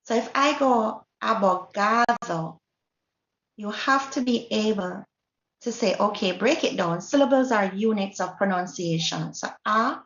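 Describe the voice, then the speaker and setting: A woman's voice: mid-range voice, normal speed, slight background noise. A woman with a Jamaican accent teaching Spanish pronunciation at a workshop, patient and often checking in with her listeners. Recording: dull, echoey room recording.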